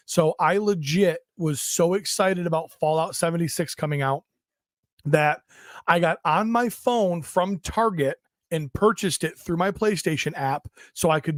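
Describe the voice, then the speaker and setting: Higher-pitched man rambling casually. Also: no echo, studio quality. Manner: rambling, self-deprecating storyteller. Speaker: podcast co-host. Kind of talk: casual chat.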